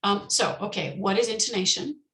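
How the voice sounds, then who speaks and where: A woman presenting an online teacher-training lecture, explaining step by step with frequent pauses and slowing down to model example sentences. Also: mid-range voice, expressive, fairly bright tone, reverberant, rough recording.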